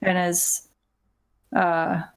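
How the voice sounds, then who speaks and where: A woman, the host's mother, chatting casually as co-host with wry, unhurried comments. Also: on the low side, little pitch movement. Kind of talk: casual chat.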